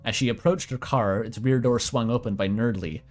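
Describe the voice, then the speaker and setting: Guy reading a story out loud, casual, joking about himself, soft music behind. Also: medium pitch, normal speed. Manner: self-deprecating asides, mild swearing. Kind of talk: casual read-aloud of fan fiction.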